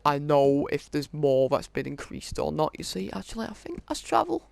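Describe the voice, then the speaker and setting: A man hosting a gaming video, casually reading through a list of in-game items with many halting fillers. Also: a little high, wildly swooping pitch, vocal fry, dry recording. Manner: reads off item lists, halting with frequent fillers. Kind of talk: casual game walkthrough commentary.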